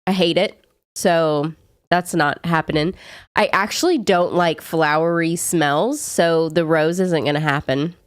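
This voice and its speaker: Sick young southern girl rambling to her stream chat, kinda low voice, dead dry mic. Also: unhurried, clear, resonant tone, no room sound. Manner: chatty, rambling with frequent "like" fillers. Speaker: live streamer. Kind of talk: casual chat answering viewers.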